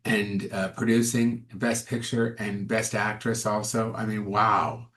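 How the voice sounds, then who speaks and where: Low-voiced man telling lively stories. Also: unhurried. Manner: animated, acts out other people's lines when telling stories. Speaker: actor and comedian guest. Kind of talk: casual interview storytelling.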